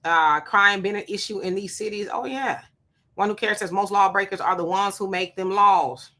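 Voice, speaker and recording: A woman's voice: mid-range voice, normal speed, bright, forceful tone. A woman co-hosting a live stream, reading viewer comments aloud and greeting people by name in a blunt, casual way. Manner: blunt, talks back to commenters.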